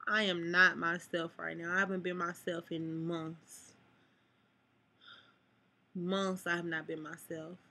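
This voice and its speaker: A woman's voice: lowish voice, level tone, takes it slowly, long pauses, sharp tone. A sad, upset young woman venting to viewers in a rambling vlog, cursing freely. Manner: rambling, cusses, addresses viewers. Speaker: vlogger.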